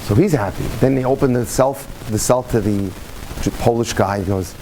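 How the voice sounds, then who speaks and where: A man lecturing as a rabbi to a live audience in a room, telling jokes and stories with lively shifts in speed. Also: mid-range voice, a little hiss or hum. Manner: animated storytelling, speeds up and slows down.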